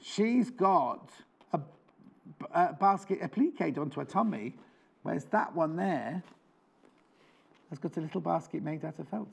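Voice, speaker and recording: A man hosts a live shopping show, chatting and joking as he sells. His pitch sits a little high and leaps around a lot. There is a gravelly edge to his voice. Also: animated, unhurried, long pauses. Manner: chatty, enthusiastic, jokey. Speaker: shopping channel presenter. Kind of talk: live TV sales chat. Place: TV studio.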